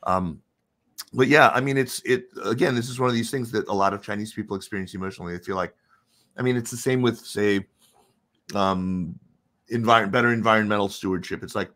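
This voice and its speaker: A man with a fairly low voice speaks as an interview guest, laying out his points in a measured, explanatory way. He pauses and restarts now and then while thinking aloud. The sound is dry and close, with no room around it. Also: fairly bright tone, no echo. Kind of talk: casual conversational interview.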